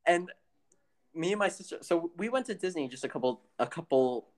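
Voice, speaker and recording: A woman's voice: lowish voice, expressive, a little fast, a little mellow. A woman co-hosting a casual podcast, telling a rambling story with lots of restarts. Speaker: podcast co-host. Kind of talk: casual chat.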